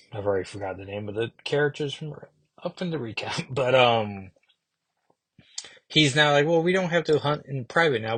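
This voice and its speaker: A man's voice: medium pitch, no echo. A man giving a casual, rambling comic book review, full of fillers and self-corrections.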